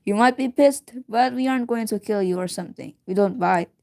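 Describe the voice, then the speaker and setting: A woman's voice: fairly high pitch, a little fast, warm tone, lightly acted. A woman voicing a laid-back young man who teases a friend in a light, amused way in a read-aloud story. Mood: teasing.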